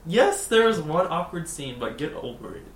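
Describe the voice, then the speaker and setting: A man's voice: on the high side, big pitch swings, normal speed. A man chatting casually about movies, often hesitant and asking questions. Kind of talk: casual chat about actors. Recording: roomy, distant from the mic, with crowd.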